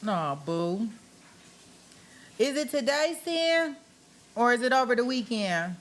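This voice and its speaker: A middle-aged woman hosts a livestream, chatting casually with viewers, reading their comments aloud and answering them by name, often laughing. Her voice is a little high with big pitch swings, she speaks slowly, and there's slight hiss or hum.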